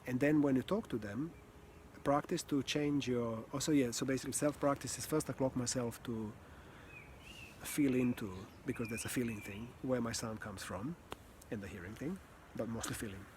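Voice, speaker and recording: Calm, earnest male voice coach. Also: medium pitch, a little hiss or hum. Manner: calm, earnest, slow with pauses, occasional sighs and soft laughs. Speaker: communication and voice coach. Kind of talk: reflective teaching talk.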